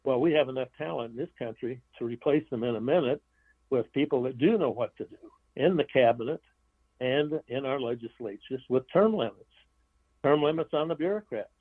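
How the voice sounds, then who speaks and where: A man talking down a tinny, narrow phone line, dry and close with no room sound. He speaks bluntly and keeps stopping to restart his phrases, at a middling pitch. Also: a little fast, no echo. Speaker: author and guest. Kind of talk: interview over the phone.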